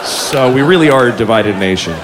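A man performing stand-up comedy, animated and profane, breaking into quick shouts. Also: mid-range voice, over a noisy crowd. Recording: live club audience, noisy. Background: audience laughter.

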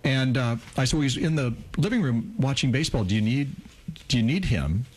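Husky older man telling a heartfelt story. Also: animated, darkish tone. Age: 60s. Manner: heartfelt, slows down for emphasis; acts out quoted lines in a higher voice. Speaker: radio show co-host. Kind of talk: storytelling on a talk show.

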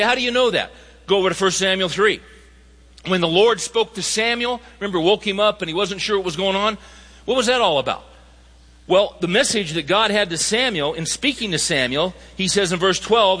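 A man's voice: high-pitched, pushed and bright, in a large hall. A man preaching a sermon, reading scripture and telling stories with emphatic quoted dialogue.

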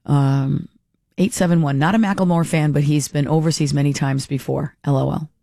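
A woman's voice: low voice, fairly even intonation, moderate pace, vocal fry, warm tone, dry recording, studio quality. Blunt woman talk radio host. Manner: blunt, opinionated, talks back to texters. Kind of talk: talk radio, reading listener texts.

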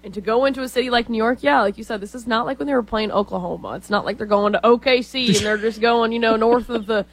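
A woman's voice: a little high, steady tone, fast talker, few pauses, dry recording, rough recording. A woman in her twenties from Texas, co-hosting a casual sports talk show and rambling with lots of fillers.

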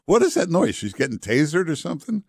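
A man's voice: fairly high pitch, very animated, quick pace, vocal fry, a little mellow, slightly rough, dry recording. Joking male talk radio host, dry sound. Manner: joking, loose, with many "uh" fillers. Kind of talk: casual talk radio banter.

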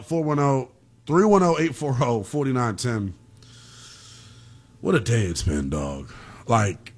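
Brash, animated sports radio host man. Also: mid-range voice. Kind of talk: late-night call-in sports talk. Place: radio studio.

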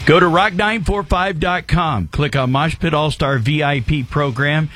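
A man's voice: on the high side, measured pace, fairly bright tone. A man hosting a rock radio show, chatting loosely and playfully between songs. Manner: loose, playful, repeats numbers. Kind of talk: casual rock radio banter. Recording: music bed underneath.

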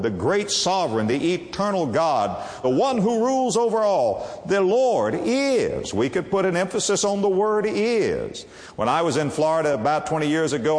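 Man, preacher, sermon, dramatic pauses, emphatic word stress, solemn scripture reading, reverberant church hall. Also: a little high. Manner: reads scripture slowly and solemnly.

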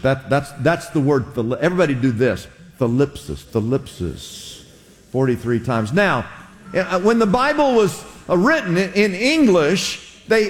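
A man preaching a sermon, teaching his congregation and calling on them to repeat words after him. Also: a little high. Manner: teaching, engages congregation with call-and-response; many fillers and restarts, emphatic rises. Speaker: pastor. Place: church sanctuary. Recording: long reverb of a hall.

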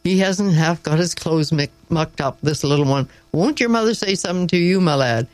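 A man's voice: on the high side, normal speed, dry recording, lightly acted. A man voicing a pool attendant who teases with relish. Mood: teasing. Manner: relishing, teasing.

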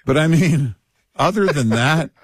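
A man's voice: on the high side, animated, a little slow, dry recording. A man from Texas co-hosting late-night talk radio, joking and bantering.

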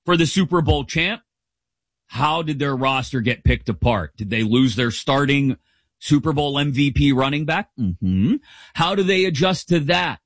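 A middle-aged man hosting a sports talk show, giving casual, opinionated commentary in an animated, jokey way. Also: medium pitch, measured pace, dry recording. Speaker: sports podcast host.

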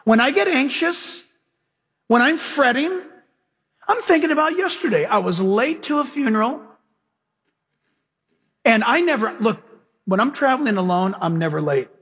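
A middle-aged pastor with a high, husky voice preaches in an animated way. He swings from loud to hushed as he tells his stories. The long reverb of a big sanctuary trails after every phrase. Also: unhurried, pauses often. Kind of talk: sermon.

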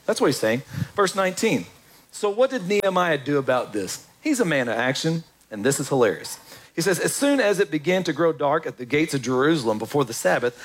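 Guy preaching a sermon, kinda high voice, bounces all over the place, acts stuff out. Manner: animated, with acted-out asides and voiced quotes. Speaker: pastor.

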